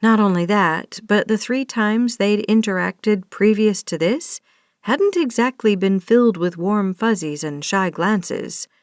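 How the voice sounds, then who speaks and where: A woman narrates a romance novel in an even storytelling voice. Her pitch sits in the middle range. The sound is close and dry, without any room echo. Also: unhurried. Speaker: audiobook narrator. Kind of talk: scripted narration.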